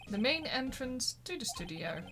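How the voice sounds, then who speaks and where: A woman's voice: sits high, big pitch swings, moderate pace, creaky, music in the background. Joking woman streaming a game. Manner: joking, reads game text aloud. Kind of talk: casual let's-play chat.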